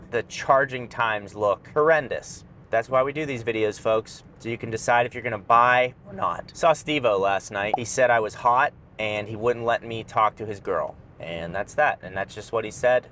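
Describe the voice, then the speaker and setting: A man's voice: medium pitch, a bit bright, slight background noise. A young man rambling and joking through a casual driving vlog from inside his car. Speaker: vlogger.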